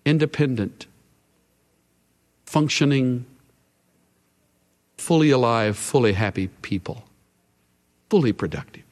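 A male pastor preaching a sermon in an earnest way, his voice swelling and then dropping to a hush. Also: medium pitch, animated, slow, long pauses. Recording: long hall reverb.

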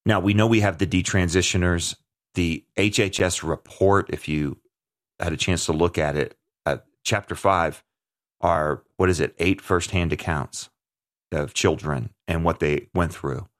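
A man's voice: low voice, steady tone, a little slow. A man hosting a talk show, speaking earnestly and emphatically in conversational commentary, often restarting his sentences.

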